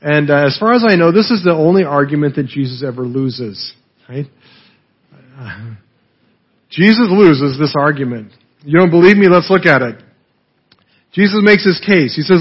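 A man's voice: fairly high pitch, moderate pace, breathy edge. A man preaching a conversational sermon, often checking in with "right?" and acting out the quoted dialogue. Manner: conversational, keeps asking "right?"; lively, acts out quoted dialogue. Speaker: pastor. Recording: dull lo-fi audio.

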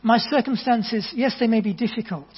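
A man preaching a sermon in an earnest, conversational storytelling manner, with gentle asides to the congregation. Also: very high-pitched, normal speed, slightly rough. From England. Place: church hall. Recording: dull, long reverb in a church hall.

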